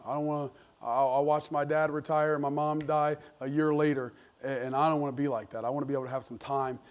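A man's voice: fairly high pitch, flat delivery, fast. A man, preaching a sermon as pastor in an earnest, emphatic, conversational way with frequent restarts. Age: 40s.

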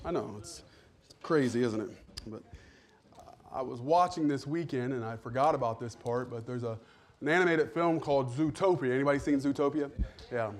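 A man's voice: mid-range voice, normal speed. A male pastor giving a sermon with humorous, self-deprecating stories.

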